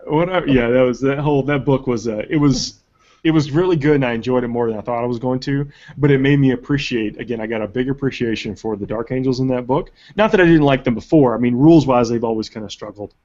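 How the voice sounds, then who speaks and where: A man hosting a casual live webcast chat and reading viewer questions, animated and rambling with restarts. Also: medium pitch, fast, lo-fi sound. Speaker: webcast host.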